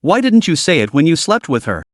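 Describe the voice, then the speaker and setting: A man voicing a hot-tempered young man from a storybook, blunt and demanding. His pitch sits a little high and swings widely, and the sound is close and dry. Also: very animated, brisk, no echo. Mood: angry.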